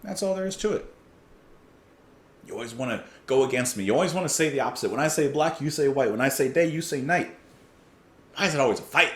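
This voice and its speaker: A man's voice: medium pitch, fast talker, pauses often, a bit bright, reverberant. A man hosting a casual music reaction, talking enthusiastically, often chuckling and thinking aloud with fillers.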